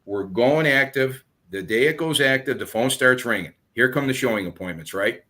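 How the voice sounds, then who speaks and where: Real estate agent guest, a man at middle pitch who tells his methods as stories and acts out his calls. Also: moderate pace. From southern United States. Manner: animated storyteller acting out phone calls. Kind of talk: explaining sales methods in a podcast talk.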